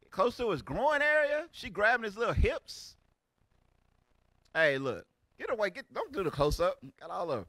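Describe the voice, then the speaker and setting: Animated, bright-voiced man in his forties. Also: high-pitched, no echo. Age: 40s. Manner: loud, exclamatory, street-talk banter. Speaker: teacher of a religious group. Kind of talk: animated preaching commentary on videos.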